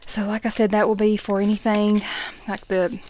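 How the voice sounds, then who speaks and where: A middle-aged woman talks in a relaxed, casual way while she counts money out loud. She adds chatty asides between the counts, and now and then drops into a soft whisper. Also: medium pitch, normal speed, slight background noise. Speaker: budgeting vlogger.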